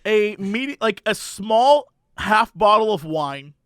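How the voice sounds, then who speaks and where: A man's voice: high voice, lively intonation, slow, a bit bright, clean tone, dry recording, studio quality. A man co-hosting a podcast, animatedly telling a funny anecdote, acting out voices and laughing as he goes. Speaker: podcast co-host. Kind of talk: casual storytelling chat.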